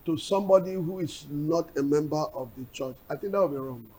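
A man's voice: fairly high pitch, brisk, dark tone, husky, poor audio. A man, a pastor, answering viewer questions in a blunt, firm way, sometimes chuckling and searching for words. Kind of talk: unscripted Q&A on faith.

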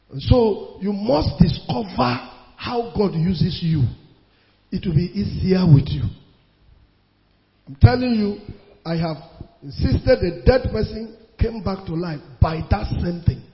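Pastor, high gravelly voice, emphatic sermon delivery, long reverb of a big hall. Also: male voice, animated, slow, pauses often. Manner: emphatic preaching, repeats phrases, swings between loud bursts and quiet asides. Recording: reverberant hall, dull lo-fi sound.

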